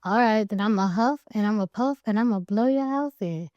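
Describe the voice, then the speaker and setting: A stubborn big bad wolf in a comic storybook, as a woman narrator puts him on. He repeats his threats in a flat, insistent, slangy way, with a warm, mellow voice and a dry, close sound. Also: medium pitch, brisk, dry recording, muffled recording, close to an everyday voice.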